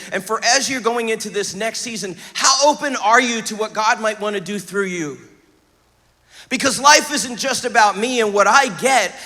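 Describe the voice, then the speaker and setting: Bright-voiced preacher in a reverberant church hall. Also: male voice, high voice. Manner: energetic and conversational, with joking asides and acted-out quotes. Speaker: pastor. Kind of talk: sermon.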